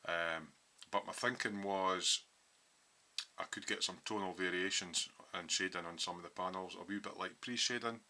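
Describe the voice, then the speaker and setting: A man talks through his model build in a home workshop, pausing often with ums as he explains each step. His voice sits very low but has a sharp, bright edge. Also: fairly even intonation, a little hiss or hum. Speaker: hobby scale modeller. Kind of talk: casual workshop build walkthrough.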